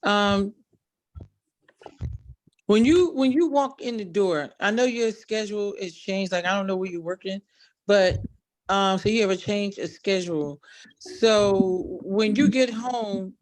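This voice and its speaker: Guy with a high voice asking questions kinda hesitant, dry sound. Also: a little slow, no echo, poor audio. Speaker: podcast co-host asking questions. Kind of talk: casual interview questions.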